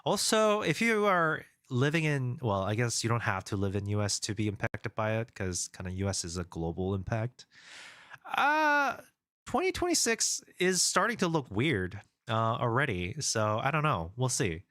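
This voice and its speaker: A man's voice: mid-range voice, very animated, moderate pace, a bit bright, dry recording, clean studio sound. A man chatting casually on a live stream, rambling with many fillers and restarts while reading viewers' comments aloud. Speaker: game developer streamer.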